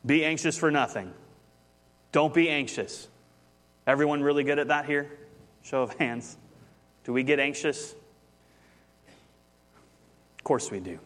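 A man's voice: a little high, a little slow, pauses often, a bit bright. A man, preaching a conversational sermon as pastor, telling a story and rising with animation.

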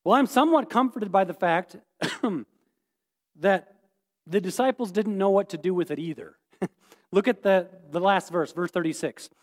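Sex: man. Role: pastor. Style: sermon. Pitch: very high for a man. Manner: animated, playful, questioning the congregation. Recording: echoey hall reverb. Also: a little slow. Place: church sanctuary.

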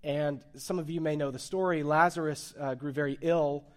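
A man's voice: fairly high pitch, steady tone, normal speed. Man preaching in a conversational sermon. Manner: conversational preaching, swings between soft and emphatic. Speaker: pastor.

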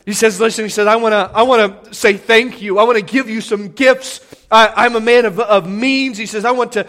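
High-voiced man preaching. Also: fairly even intonation, fairly quick, a bit bright. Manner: conversational, frequent restarts, acts out biblical dialogue. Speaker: pastor. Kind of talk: sermon. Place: church sanctuary.

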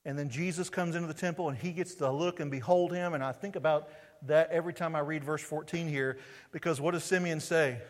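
A man's voice: a little high, steady tone, a little fast. A male pastor with a Southern US accent preaching a sermon in a church sanctuary, quizzing his congregation with rhetorical questions through a body-worn mic. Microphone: wearing a mic on his body. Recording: long hall reverb.

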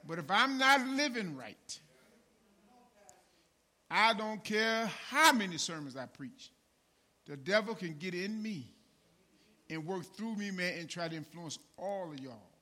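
Speaking a little slowly with long pauses and lively intonation, the pastor preaches casually. He drops "man" and "right?" throughout and shifts from murmured asides to shouts.

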